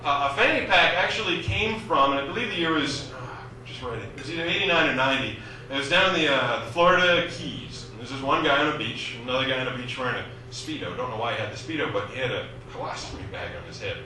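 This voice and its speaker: A man's voice: mid-range voice, animated, fast, pushed and bright. A young man from Massachusetts with a Boston accent doing a wry, self-mocking stand-up set in a small comedy club. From Massachusetts, USA. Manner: wry, self-mocking storytelling, loose and chatty. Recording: echoey club from a distant camera, audible noise.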